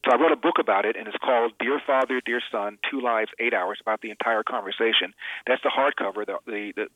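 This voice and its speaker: A man's voice: mid-range voice, quick pace, sharp tone, dry recording. A man as an interview guest, telling a personal family story in an earnest, emphatic way. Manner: earnest, emphatic, repeats words when moved. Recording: tinny phone line.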